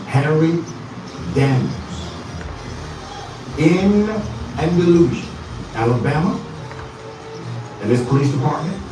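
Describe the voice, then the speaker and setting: Brief: male news commentator, measured retelling, echoey and distant with music under. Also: medium pitch.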